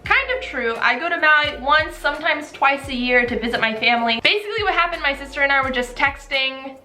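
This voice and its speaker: A woman with a high, bright voice talks to camera in a chatty, upbeat vlog style. The room sounds echoey, with faint music playing underneath. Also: lively intonation, brisk. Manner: chatty and upbeat, with a few restarts. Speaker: vlogger. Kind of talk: casual vlog talk to camera.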